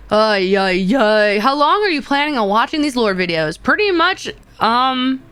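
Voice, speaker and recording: A woman's voice: medium pitch, expressive, moderate pace, few pauses, fairly bright tone, clear, resonant tone, soft background music. A woman streamer casually chatting with her viewers in a playful, rambling way, often laughing and repeating herself. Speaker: VTuber streamer.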